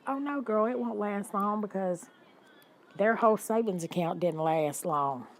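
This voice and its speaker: A woman, hosting a livestream and telling stories in an animated, indignant way while talking to her viewers. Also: medium pitch, unhurried, rough recording. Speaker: livestream host. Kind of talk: casual storytelling to live chat.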